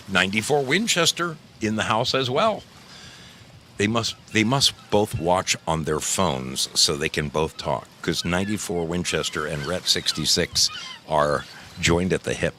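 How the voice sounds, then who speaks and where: A man's voice: low voice, pushed and bright, slight background noise. A man hosting a casual livestream, greeting viewers in the chat one by one in a playful, effusive way and calling them darling. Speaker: livestream host.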